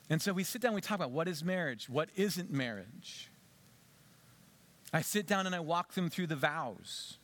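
Conversational, slightly high-voiced male pastor. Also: animated, normal speed. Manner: conversational preaching, drops to soft low tones for emphasis. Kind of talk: sermon. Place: church sanctuary.

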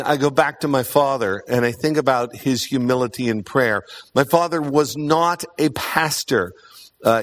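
A man of middle pitch delivers a sermon with earnest conviction. He drives his points home through repetition. He often fills his pauses with a soft "uh". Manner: earnest, emphatic repetition, frequent "uh" fillers. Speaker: preacher.

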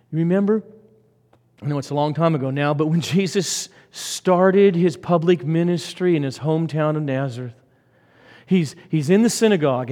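A man preaching a sermon, swinging from loud emphatic lines to hushed whispers. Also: fairly high pitch. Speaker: pastor. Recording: long hall reverb.

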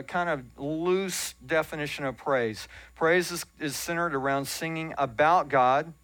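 A man's voice: fairly high pitch, a bit bright, no echo. A man preaching a sermon as pastor, talking in an earnest, conversational way with self-deprecating asides. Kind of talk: sermon teaching. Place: church sanctuary.

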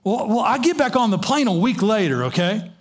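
Animated preacher, fairly high voice. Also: male voice, fairly quick. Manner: animated storytelling with many restarts. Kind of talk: sermon.

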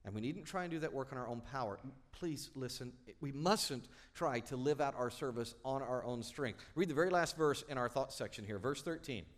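A man's voice: medium pitch, animated, brisk, hardly any pauses. Man preaching a sermon. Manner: storytelling, acts out quoted voices. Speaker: pastor.

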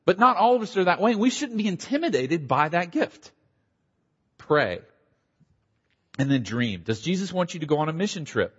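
A middle-aged man, a pastor, giving a conversational conference talk with quick asides and a slight Southern accent. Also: sits high, big pitch swings, fairly bright tone, husky. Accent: slight Southern American. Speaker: pastor and church planter. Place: conference hall. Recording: dull audio in a large hall.

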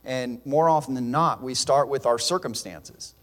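A man's voice: mid-range voice, moderate pace, a bit bright. A man preaching a sermon in an earnest, emphatic way, with fillers and restarts. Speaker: pastor. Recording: long hall reverb.

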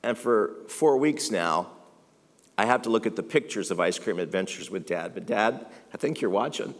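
Middle-aged pastor preaching in a reverberant hall. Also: male voice, on the low side, lively intonation, normal speed. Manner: conversational, self-deprecating, emphatic. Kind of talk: sermon. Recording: long reverb of a large hall.

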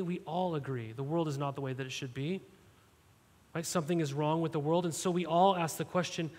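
A male pastor giving a sermon, talking straight to the congregation and often checking in with "right?". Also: on the high side. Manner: direct, questioning, repeats "right?" to the congregation. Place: church sanctuary. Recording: long hall reverb.

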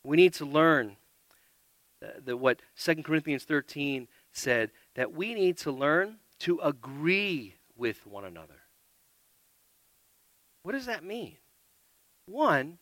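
A man delivers a sermon in a bright, forward voice pitched a little high. He talks earnestly, swinging between loud emphasis and quiet asides. The sound is close and dry, with little room around it. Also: animated, a little slow, no echo. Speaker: preacher.

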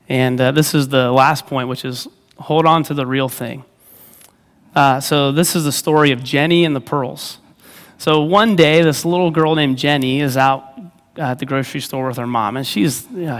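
A man in his thirties delivers a relaxed, conversational sermon. His voice sits a little higher than most men's, and he slips into playful character voices while telling stories. A long reverb trails behind him, as in a large church hall. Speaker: youth ministry leader preaching. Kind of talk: sermon with storytelling.

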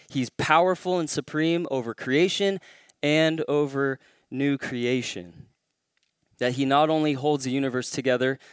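Emphatic male pastor, slow and clear. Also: medium pitch, no room sound, clean studio sound. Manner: emphatic, rising to stress key claims. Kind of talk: sermon.

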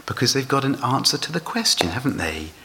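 A man's voice: medium pitch, sing-song, brisk, bright, forceful tone, slight background noise. A man preaching a sermon, asking his listeners rhetorical questions.

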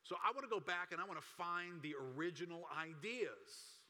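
A male pastor delivers a sermon in a chatty, emphatic way, now and then pushing up to forceful peaks. His voice sits a little high and sounds bright. It carries through a large church hall with a long reverb. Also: expressive, moderate pace, a little hiss or hum.

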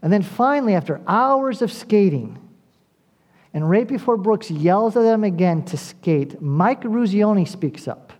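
Earnest preacher with a mellow voice. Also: medium pitch, expressive, unhurried. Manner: earnest preaching, building to emphatic appeals with repetition; addresses listeners directly. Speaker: pastor. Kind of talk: sermon.

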